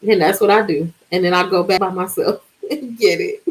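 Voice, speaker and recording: A woman in her forties chatting casually with viewers on a live stream and telling animated stories. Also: lowish voice, low-quality recording. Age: 40s. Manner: animated, chatty storytelling with drawn-out words. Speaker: livestream host.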